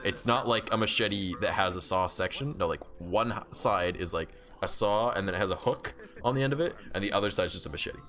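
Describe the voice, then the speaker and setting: A man's voice: on the low side, fairly quick, hardly any pauses, fairly bright tone. A man streaming and chatting casually, telling a story full of swearing and "like" fillers. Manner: swears freely, lots of "like" fillers.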